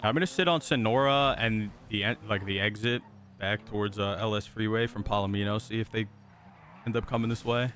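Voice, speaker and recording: A man's voice: lowish voice, brisk, fairly bright tone, slight background noise. A man streaming a police roleplay game, talking casually with easy swearing and laughter. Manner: laid-back, swears casually, laughs easily. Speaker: streamer playing a police officer. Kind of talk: casual gaming stream and in-game radio chatter.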